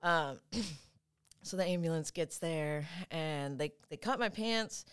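A woman guest on a podcast, telling a story in a casual, animated way, full of fillers and quick laughs. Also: deep voice, clean tone.

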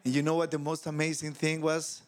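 A man with a fairly high voice preaches at a ministers' convention. He tells a personal story with feeling and acts out the voices of the people in it. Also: fairly quick. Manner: emotional, animated storytelling with quoted dialogue. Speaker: pastor. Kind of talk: conference sermon storytelling. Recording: audio of a convention talk.

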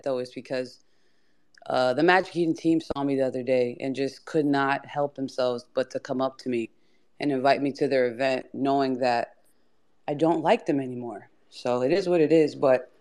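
A man whose voice is rough and worn from drinking. He talks in a rambling, profane way, telling his story loosely. His pitch sits in the middle. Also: darkish tone. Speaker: guest speaker. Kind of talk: casual chat on a live audio stage.

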